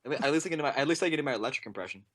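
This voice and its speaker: Young male co-host, dry teasing banter, bright tone. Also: mid-range voice, rapid-fire. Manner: deadpan teasing, swearing. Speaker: podcast co-host. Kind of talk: casual chat.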